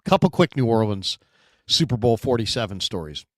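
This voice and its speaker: A man hosting a sports talk show in casual chat, telling stories with lively acted-out quotes. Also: on the low side, moderate pace, no echo, clean studio sound. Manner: animated storyteller, acts out quotes.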